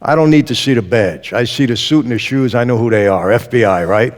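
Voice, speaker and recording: A man guest giving his testimony in an interview, a lively storyteller who acts out the dialogue he quotes. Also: mid-range voice, a little fast, long reverb tail.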